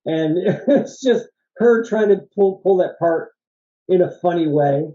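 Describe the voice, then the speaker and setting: A man's voice: sits high, expressive, a little slow, mellow, dull audio. A man co-hosting a casual movie review chat, who laughs often and acts out lines from the film. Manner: laughs often, mimics characters in quotes. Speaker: co-host.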